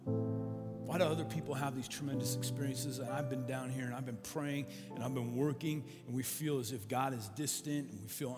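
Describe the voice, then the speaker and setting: A man preaching as a pastor, leading his church in prayer with earnest, building repetition. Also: mid-range voice. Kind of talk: sermon and prayer. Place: large church with balcony. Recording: long church reverb with music.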